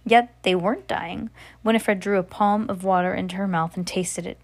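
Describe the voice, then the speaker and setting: A woman reading a novel aloud, narrating at a steady pace with occasional slips and restarts. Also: mid-range voice, moderate pace. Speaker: reader.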